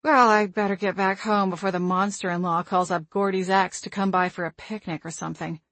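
A woman's voice: mid-range voice, fairly even intonation, brisk, a bit bright, no room sound, lightly acted. A woman voicing a frank, wry female friend with psychic gifts in an audiobook, blunt and down-to-earth.

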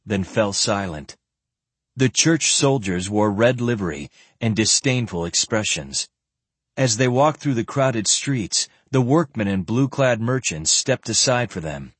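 A man reads a novel aloud with a lively, rising and falling delivery. His low voice carries a husky grain. The sound is close and dry. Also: no room sound. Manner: expressive, even-paced storytelling. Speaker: audiobook narrator. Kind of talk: scripted narration.

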